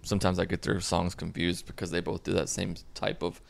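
A man's voice: deep voice, flat delivery, brisk, gravelly. Sarcastic young man recapping a movie. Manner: sarcastic and mocking. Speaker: movie reviewer.

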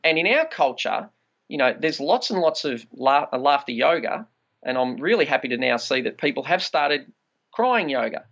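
A man's voice: fairly high pitch, big pitch swings, moderate pace, fairly bright tone, highs cut off. A man, a trauma release practitioner, explaining body practices in a conversational podcast interview and acting out quoted inner voices.

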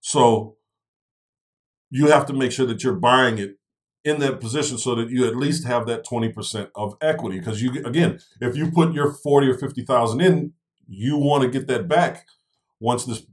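A man with a medium-pitched voice at normal speed co-hosts a casual discussion on real estate investing. He explains it step by step, tagging his points with "right?" and "okay?".

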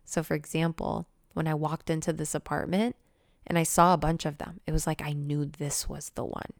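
A young woman chatting excitedly in a casual vlog, gushing and swearing casually as a manifestation coach. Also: sits low, normal speed, vocal fry, no echo, studio quality. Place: new apartment.

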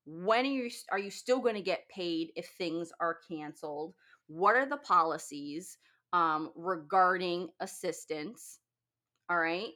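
A woman's voice: fairly low pitch, expressive, unhurried, bright, forceful tone. A woman who owns a wedding business, giving blunt, profane advice in a casual talk.

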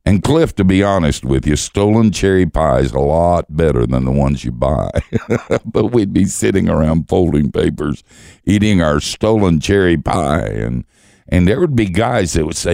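A man's voice: low-pitched, lively intonation, normal speed, vocal fry, dark tone, no echo, clean studio sound. An older man, a guest teacher, telling stories in conversation with wry, self-mocking humor and frequent chuckles. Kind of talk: storytelling conversation.

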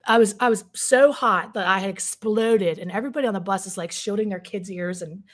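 A woman's voice: mid-range voice, brisk. A woman, a relationship coach, telling a personal story to her viewers in a casual, vivid way, with plenty of fillers and some swearing. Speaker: codependency coach.

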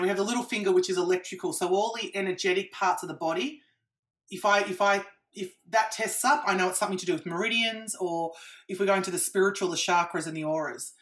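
A woman practitioner, a guest in an interview, explaining her methods in an animated way with examples. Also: on the low side.

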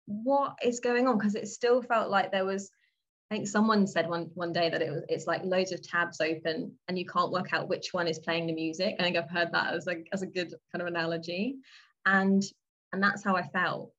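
A woman's voice: fairly low pitch, steady tone, moderate pace, a bit bright, highs cut off. A woman from England chatting casually in a podcast conversation, rambling with many restarts.

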